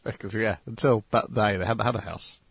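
A man hosting a podcast, introducing each show and chatting casually in a measured way. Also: on the low side, steady tone, vocal fry, husky, dry recording. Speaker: podcast host. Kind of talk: casual anime recap chat.

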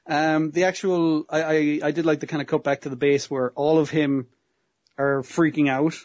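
A man's voice: a little high, little pitch movement, a little slow, long pauses, a little mellow, dry recording. A man co-hosting a casual podcast, recapping an anime episode, laughing often and swearing freely. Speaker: podcast co-host.

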